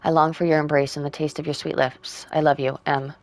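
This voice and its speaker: Low-voiced woman reading game letters. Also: flat delivery. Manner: plain unhurried reading with quiet asides. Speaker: game streamer.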